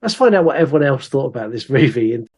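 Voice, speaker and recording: A man's voice: mid-range voice, fast, husky. A man co-hosting a casual podcast, animatedly reading out listener comments. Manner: animated, reads listener comments aloud with put-on voices. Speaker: podcast co-host. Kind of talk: casual chat.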